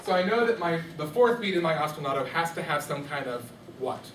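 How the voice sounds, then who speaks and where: Questioning steadily and coaxing replies from his students, a man teaches music in a classroom microteaching lesson. His voice is a little high, a bit bright, expressive, and a little fast. Heard from a distance, he's surrounded by the room's echo and a faint hum of ambience.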